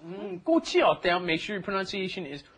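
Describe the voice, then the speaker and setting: A man co-hosting a language lesson, playful and lively as he explains pronunciation. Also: sits high, rapid-fire, breathy edge. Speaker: co-host and language guide.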